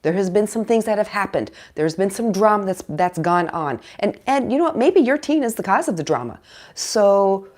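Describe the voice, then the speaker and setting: A woman's voice: mid-range voice, normal speed. A woman hosting a parenting channel, talking casually to the camera, acting out parents and teens and checking in with "okay?" and "all right?". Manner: chatty, animated, acts out parents and teens in quoted voices. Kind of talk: casual direct-to-camera advice.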